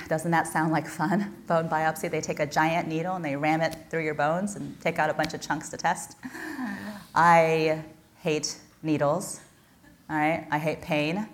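Earnest woman preaching, slightly low voice. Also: slight background noise. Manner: earnest, intimate, self-deprecating humor. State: blind. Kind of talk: personal sermon with Bible reading.

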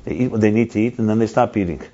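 A man leading a casual group discussion, talking in an animated way and often restarting and repeating words as he tells stories. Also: on the low side, racing. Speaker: lead speaker in a group discussion. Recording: dull lo-fi recording.

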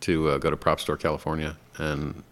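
A man's voice: a bass voice, completely flat delivery, fairly quick, fairly bright tone. A man co-hosting a podcast in casual, enthusiastic chat, laughing often. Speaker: podcast co-host.

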